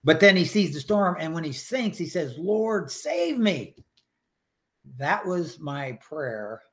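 A man's voice: on the high side, a little slow, fairly bright tone. An older man sharing his personal faith story in a podcast interview, earnest and emotional, acting out his prayers.

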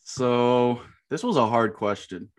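A man co-hosting a podcast, laid-back and quick to laugh in casual chat. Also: medium pitch. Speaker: podcast co-host.

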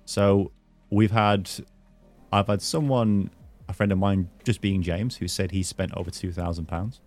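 A young man hosts a casual podcast conversation. His voice sits on the low side, and he keeps things playful, ribbing his guest in a jokey way. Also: steady tone, a little slow, darkish tone, faint music behind. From English Midlands, near Birmingham. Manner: teasing, jokey, laughs often. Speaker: podcast host.

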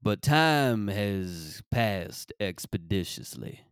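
Guy doing a rapper bit, super slow n grand, kinda lowish. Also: animated, smooth, dry recording, clean studio sound. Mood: grandiose. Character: grown male rapper reminiscing grandly about surviving youth.

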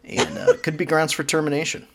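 A man's voice: on the high side, flat delivery, quick pace, fairly bright tone. A man co-hosting a casual podcast, telling work stories with a joking, laughing manner and casual swearing. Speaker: podcast co-host. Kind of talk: casual chat.

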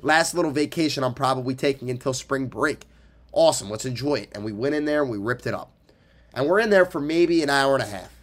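A man's voice: medium pitch, animated, quick pace. A young man in college co-hosting a podcast, telling a story in casual chat, teasing and swearing freely. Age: young adult. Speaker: podcast co-host.

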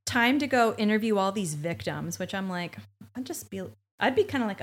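Lively, sarcastic woman co-host. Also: mid-range voice, normal speed. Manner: sarcastic, jokey, acts out quotes. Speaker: podcast co-host. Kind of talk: casual recap chat.

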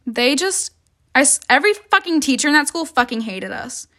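A woman's voice: high voice, big pitch swings, moderate pace, a bit bright. A young woman telling a storytime rant in a casual, dramatic way, full of "like" and swearing. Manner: heavy filler "like", swearing, dramatic retelling. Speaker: vlogger.

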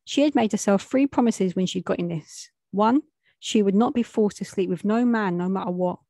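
A woman's voice: medium pitch, moderate pace, warm tone, no echo. A young adult woman, telling a street story in a plain, matter-of-fact way with street slang.

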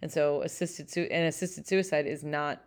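Low-voiced woman co-hosting a chat show. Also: steady tone, moderate pace, clean tone. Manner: hedging, rambling, full of fillers. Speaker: podcast co-host. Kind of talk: casual chat.

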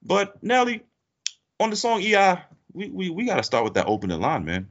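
A man's voice: huge pitch swings, brisk. Guy running a mock court bit on a podcast, voice leaps all over, kinda dull lo-fi sound. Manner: playful, swoops high for emphasis, mock-judge pronouncements. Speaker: podcast host running a comedy segment. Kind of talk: animated casual banter, mock courtroom bit. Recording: dull lo-fi audio.

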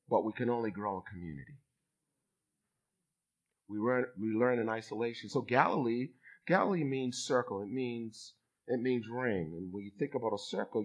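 A man in his fifties from Boston, preaching a sermon as a bishop with lively delivery and call-and-response to his congregation. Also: lowish voice. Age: 50s. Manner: animated preacher, acts out voices, calls for response from the congregation.

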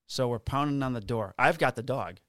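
Man, mid-pitched, dry close mic. He tells a rowdy, profane cop story. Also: a little fast, no room sound. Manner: profane, animated, acts out quotes. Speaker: police officer guest. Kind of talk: casual storytelling.

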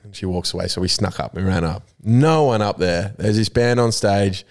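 Rambling Australian man with a low voice. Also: normal speed. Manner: animated rambling storyteller, swears freely. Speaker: podcast co-host. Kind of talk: casual banter.

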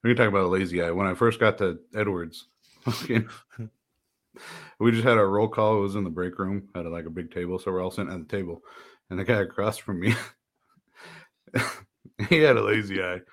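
Low-voiced laughing male storyteller. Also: brisk, pauses often, fairly bright tone. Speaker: podcast co-host. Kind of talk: casual storytelling chat.

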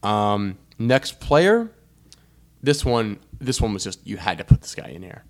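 A young man co-hosting a podcast, chatting casually about sports with an animated, joking manner and frequent asides. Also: lowish voice, measured pace. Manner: animated, laughing, trailing off into asides. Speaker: podcast co-host.

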